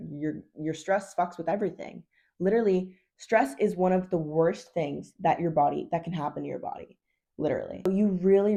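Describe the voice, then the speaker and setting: A woman coach talks straight to camera in a loose, unpolished vlog style, blunt and peppered with swearing and endless "like"s. Her voice sits a little low, with a warm, mellow tone. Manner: blunt, chatty, swears, says 'like' constantly. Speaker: hormone health coach. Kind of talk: casual advice vlog.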